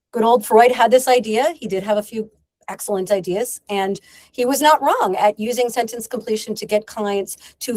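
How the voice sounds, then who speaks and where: A dry, clear woman presenter. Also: mid-range voice, darkish tone, no room sound. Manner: explanatory, acts out client dialogue. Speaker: psychotherapist presenting to colleagues. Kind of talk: recorded training presentation.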